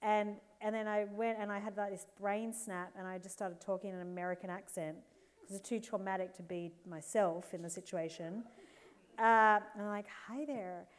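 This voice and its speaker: An Australian woman in her forties, a guest author telling candid, animated stories on a live stage, laughing and putting on playful voices. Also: mid-range voice, normal speed, smooth. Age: 40s.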